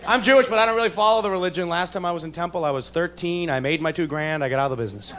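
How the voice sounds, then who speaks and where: A man from the US doing a stand-up set in an animated manner, jumping into excited voices. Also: on the high side, rapid-fire. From United States. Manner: animated, jumps into excited voices for parents and impressions. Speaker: stand-up comedian. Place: comedy club stage. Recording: comedy club, crowd laughter and noise.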